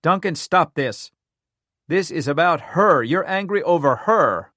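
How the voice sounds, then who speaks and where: Man doing a frantic woman cop, high strained voice, pleading shouts, dry close sound. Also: a little slow, dry recording. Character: woman police detective, tense and desperate.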